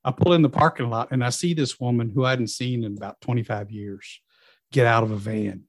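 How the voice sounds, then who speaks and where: A man's voice: medium pitch, fairly quick, no echo. Middle-aged man telling a story, dry sound. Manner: lively storyteller, acting out quoted dialogue. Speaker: guest in recovery. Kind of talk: personal storytelling.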